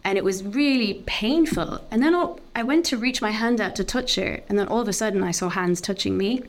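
A woman, a podcast guest talking candidly and openly about a deeply personal experience, with lots of "like" fillers. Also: brisk. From Ireland. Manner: open, heartfelt, full of "like" fillers.

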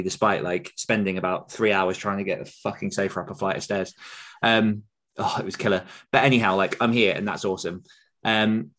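Low-voiced man casually rambling. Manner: relaxed, rambling, lots of fillers. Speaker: podcast co-host. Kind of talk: casual podcast chat.

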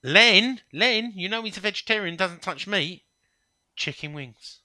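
A man's voice: high-pitched, moderate pace, bright, forceful tone, no echo. A man co-hosting a casual podcast, telling rambling anecdotes in a chatty way. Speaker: podcast co-host. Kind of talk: casual chat.

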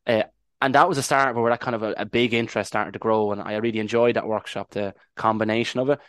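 A man's voice: on the low side, fairly even intonation, quick pace, fairly bright tone, clear, resonant tone, dry recording, clean studio sound. An Irish man, a podcast guest, talking casually and reflectively, rambling a little with restarts as he tells his story. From Ireland. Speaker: podcast guest, language advocate.

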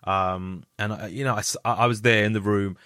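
A man in his thirties, an actor chatting on a podcast, telling an animated anecdote with lots of restarts and mimicry. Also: lowish voice, fairly quick, clean tone, no echo, clean studio sound. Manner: animated storyteller, frequent restarts and mimicry of others. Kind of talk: casual chat, anecdote telling.

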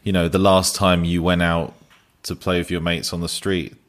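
Deep-voiced man, chatty banter. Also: little pitch movement, moderate pace. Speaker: podcast co-host. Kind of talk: casual chat.

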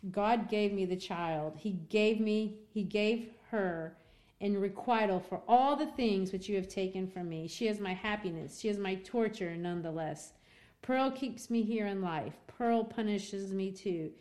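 A woman's voice: mid-range voice, unhurried, darkish tone, close to an everyday voice. A woman reading the part of a defiant young mother pleading to keep her child, in old-fashioned formal speech.

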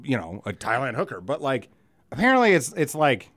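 A man chatting on a podcast with a lively, swooping delivery and a dry, close sound. He rambles freely, swears often and laughs at his own stories. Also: medium pitch, fairly quick, no room sound. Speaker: podcast co-host. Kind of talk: casual chat.

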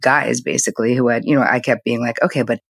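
An older woman with a husky, slightly breathy voice talks candidly, like a therapist sharing stories from her own family. She speaks in quick, animated bursts. The sound is dry and close, with no room around it. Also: rumbling low, no room sound. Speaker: psychotherapist, podcast guest. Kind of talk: conversational interview storytelling.

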